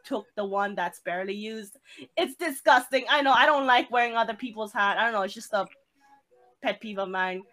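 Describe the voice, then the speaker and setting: A woman's voice: on the high side, a bit bright, low-quality recording. A woman co-hosting a podcast, telling a story in casual chat, swearing often and laughing along. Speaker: podcast co-host.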